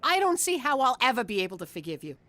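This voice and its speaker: Brief: cutting, bitter wife, high and sharp. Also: female voice, sing-song, quick pace, no echo. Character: fed-up, hurt wife.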